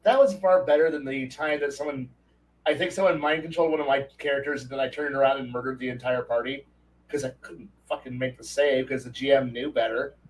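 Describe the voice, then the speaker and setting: A man co-hosting a casual gaming chat, ranting in an animated way and swearing freely. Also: medium pitch, a little fast, distant mic, low-quality recording. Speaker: podcast co-host.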